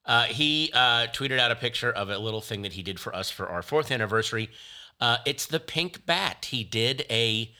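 A man co-hosting a casual chat podcast, rambling and halting with many fillers, and teasing. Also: mid-range voice, animated, bright, forceful tone. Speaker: podcast co-host.

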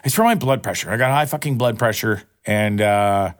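A man's voice: lowish voice, moderate pace. A man in his forties hosting a solo podcast, rambling in a profane, self-mocking way. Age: 40s. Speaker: podcast host. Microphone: podcast microphone.

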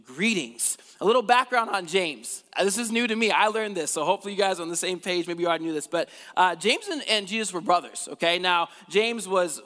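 Male pastor, casual energetic sermon, slightly high voice, lively delivery, long reverb of a church hall. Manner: casual, energetic, conversational preaching.

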